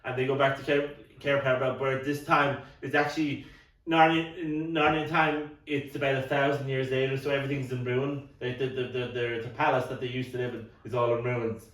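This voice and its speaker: A middle-aged man co-hosts a podcast, chatting casually in a mid-range, fairly bright voice with fairly even intonation and a fairly quick pace. He rambles, stumbles over repeated words, and coughs now and then, picked up by a roomy, distant mic.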